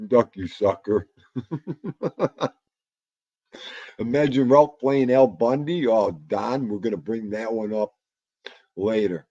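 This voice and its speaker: A man's voice: medium pitch, slow, pauses often, a little mellow, no echo, highs cut off. A man hosting a casual livestream, rambling about old movies, muttering asides to himself and greeting chat. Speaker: livestream host.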